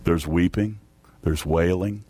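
A man preaching a sermon in a folksy way, dropping to hushed low tones and rising to loud pleading cries. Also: takes it slowly, breathy edge. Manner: folksy, addresses congregation as folks.

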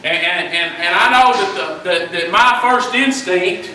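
Preacher guy, high bright voice, shouts in bursts, echoey church from far off. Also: a little slow. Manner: fervent, rises to shouting, repeats and restarts words. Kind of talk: sermon. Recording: echoey room from a distance, faint noise.

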